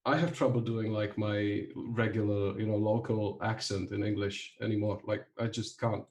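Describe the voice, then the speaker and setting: A man's voice: fairly low pitch, level tone, normal speed, a little mellow. A man with a Czech accent, a player chatting casually while sick and stuffy, in a dry, matter-of-fact way. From Czech Republic. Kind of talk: casual chat. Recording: echoey room, far from mic.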